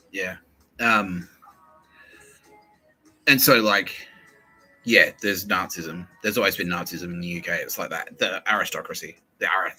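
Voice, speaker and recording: A man hosting a podcast in a rambling, profane comedic monologue, jumping between loud outbursts and low mutters. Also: poor audio. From Australia. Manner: crude and profane, swings between loud bursts and mumbles. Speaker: podcast host.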